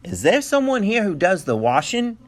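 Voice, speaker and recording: A man voicing a cheerful, friendly male prospector in a storybook reading, with a high, folksy voice. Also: huge pitch swings, normal speed.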